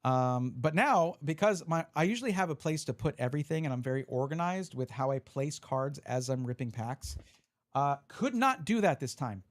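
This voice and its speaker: A man's voice: a little high, expressive, normal speed. A man live-streaming, chatting casually and reading out viewer messages as he opens card packs. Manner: chatty, reads chat aloud, restarts often.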